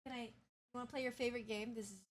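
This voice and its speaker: A young woman streamer chatting casually, playful and animated, cursing now and then. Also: on the high side, very fast. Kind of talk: casual chat.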